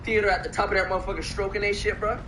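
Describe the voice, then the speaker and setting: A young man from Florida telling a long story on a casual stream, with lots of swearing and loud re-enacted quotes. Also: high-pitched, racing, background noise. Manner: profane, animated, repeats himself, acts out quotes.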